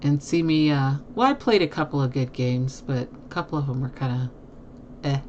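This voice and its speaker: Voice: mid-range voice, normal speed, darkish tone, highs cut off, slight background noise. Chatty streamer who laughs a lot. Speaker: live streamer. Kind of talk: casual chat with viewers. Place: at a home desk.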